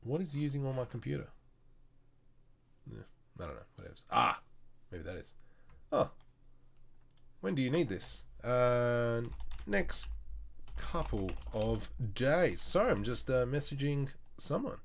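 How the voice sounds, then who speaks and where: A man's voice: mid-range voice, very animated, a little slow, gravelly, long pauses. Chatty Australian man streaming his work. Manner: chatty, thinks aloud, mutters while working. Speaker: 3D artist streaming live. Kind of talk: casual live-stream tutorial.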